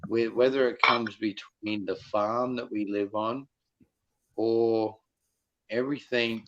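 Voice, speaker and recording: A man's voice: on the low side, fairly even intonation, slow pace, fairly bright tone. A man with an Australian accent hosting a casual group chat, rambling, apologetic and enthusiastic. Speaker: host of a live chat hangout. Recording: slightly dull audio with faint noise.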